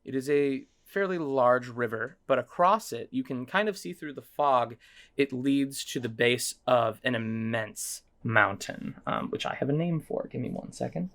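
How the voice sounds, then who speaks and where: A man narrating as game master of a tabletop game, casual and quick to laugh. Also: medium pitch, animated, a bit bright. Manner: casual, laughing, voices his characters.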